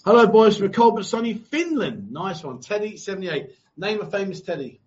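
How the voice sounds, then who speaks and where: Brief: bantering male stream host, slightly high voice, dull lo-fi sound. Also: sing-song, a little fast. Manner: joking, teasing, swears freely. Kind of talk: casual banter, reading viewer comments. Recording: dull lo-fi live stream audio.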